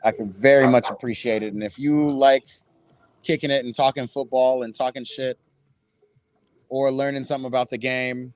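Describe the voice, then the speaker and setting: A man's voice: medium pitch, fairly even intonation, moderate pace, darkish tone. A man hosting a casual football watch-party stream, loose and chatty, swearing now and then and talking straight to his viewers. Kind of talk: casual live-stream chat. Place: backyard, later indoors.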